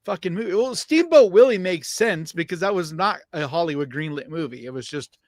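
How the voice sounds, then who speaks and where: A man's voice: on the high side, animated, fairly quick, darkish tone, no room sound. A man co-hosting a casual live-stream podcast, blunt and opinionated and swearing casually. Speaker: podcast co-host.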